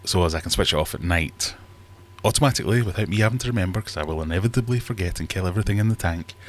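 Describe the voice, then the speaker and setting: Deep guy rambling away on his livestream, self-deprecating and casual. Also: racing, slight background noise. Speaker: livestream host. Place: home fish room.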